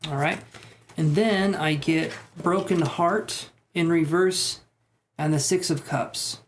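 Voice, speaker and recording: A man giving a live-streamed tarot reading, reading chat messages aloud and thinking aloud in a relaxed, soft-spoken way. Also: fairly high pitch, slow, slight background noise. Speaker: tarot reader.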